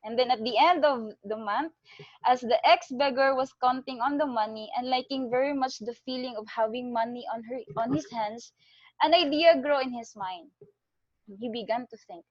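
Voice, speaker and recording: A woman with a Filipino accent tells a parable and preaches about giving in an earnest, expressive way, slipping into Taglish, recorded on a dull, dry lo-fi track. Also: a little high, moderate pace, no echo. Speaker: Christian speaker on tithing. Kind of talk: storytelling sermon.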